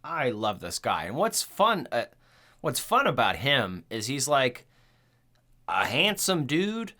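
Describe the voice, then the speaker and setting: A man hosting a horror movie podcast, telling the story in a rambling, profane, animated way. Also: medium pitch, takes it slowly. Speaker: podcast host. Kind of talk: casual movie recap chat.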